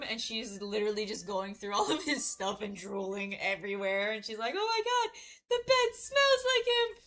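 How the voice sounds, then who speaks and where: In a rough recording, a young woman with a mid-range, slightly bright voice streams herself crafting. She chats casually, rambles through a story, swears freely, and laughs at how she tells it.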